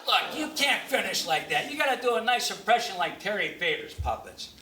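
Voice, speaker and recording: High-voiced man in his seventies on a club stage. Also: sing-song, fairly quick, pushed and bright. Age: 70s. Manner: plays the scolding straight man, then folksy storytelling. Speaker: ventriloquist comedian. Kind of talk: stand-up comedy act. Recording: echoey club, far from the mic, audience noise. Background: audience noise.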